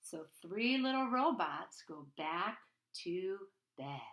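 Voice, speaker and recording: Woman storyteller, soft half-whisper, bright tone, slow unhurried reading for kids. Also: lowish voice, lively intonation. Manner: hushed, half-whispered storytelling with playful loud bursts. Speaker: children's storybook reader. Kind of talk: bedtime read-aloud for children.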